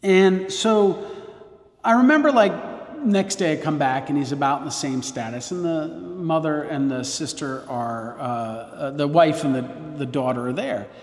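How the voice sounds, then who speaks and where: A male priest with a fairly high voice tells a casual story and often stops to correct himself. The sound bounces around a roomy hall with a long reverb tail. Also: unhurried. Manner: rambling, frequent restarts and self-corrections. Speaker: Catholic priest.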